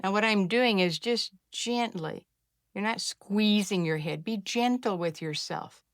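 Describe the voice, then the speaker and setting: A middle-aged woman teaching a simple calming technique, speaking gently and encouragingly and slowing to a soft hush during the breathing steps. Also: mid-range voice, no room sound, studio quality. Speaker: wellness practitioner teaching a self-care technique. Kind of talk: guided instruction to camera.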